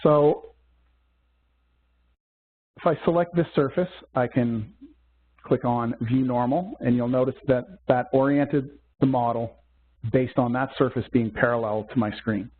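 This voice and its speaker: A man teaching a software demo in a webcast, walking through steps methodically with small fillers. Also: medium pitch, measured pace, pauses often, husky. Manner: methodical step-by-step explaining with fillers. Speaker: software instructor. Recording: tinny phone-like webcast audio.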